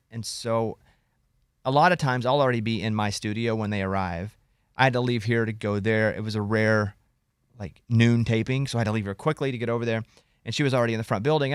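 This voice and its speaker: Man, radio host, joking storyteller, crisp voice. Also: fairly low pitch, dry recording, studio quality. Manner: quick joking storyteller, self-teasing. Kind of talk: casual morning show banter.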